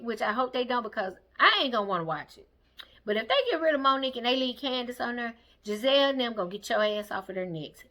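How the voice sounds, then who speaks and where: Sassy high-voiced woman recapping reality TV. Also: pushed and bright. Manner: sassy, blunt, acts out the cast in quotes. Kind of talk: casual recap commentary.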